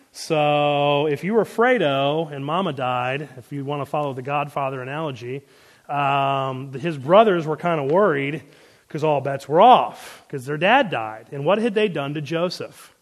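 In a large hall, a man with a fairly high-pitched voice leads a casual Bible class and answers questions from the room. His delivery is chatty and conversational, full of fillers, asides and pop-culture references.

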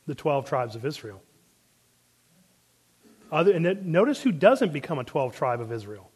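A man's voice: on the high side, very animated, normal speed, a little mellow, slightly rough, in a large hall. A man teaching a casual Bible class, chatty, with fillers and asides, answering questions from the room. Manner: conversational, with many fillers and pop-culture asides.

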